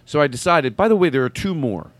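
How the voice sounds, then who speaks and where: A man's voice: fairly high pitch, sing-song, fast talker, dry recording. A man hosting a podcast in casual chat, rambling and stammering with frequent laughs. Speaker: podcast host.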